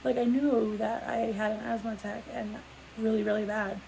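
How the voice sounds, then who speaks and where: Woman vlogger, young adult, gravelly and rambling, faint room hum behind. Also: a little high, little pitch movement, moderate pace, dark tone, rough recording. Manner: rambling, full of "like" fillers and restarts. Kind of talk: casual sit-down storytelling.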